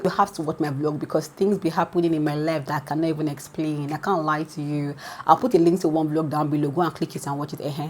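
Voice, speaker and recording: A woman with a Nigerian English accent hosting a celebrity gossip channel, telling the story in a lively, dramatic way. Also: slight background noise. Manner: animated and dramatic, jumping high in pitch as she reacts. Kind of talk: casual gossip commentary.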